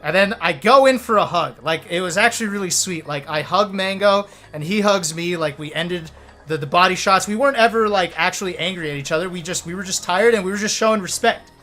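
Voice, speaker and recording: A man in his thirties, a streamer telling stories to a webcam in an animated, profane way, laughing now and then. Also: sits high, a little fast, faint music behind. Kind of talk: casual storytelling to camera.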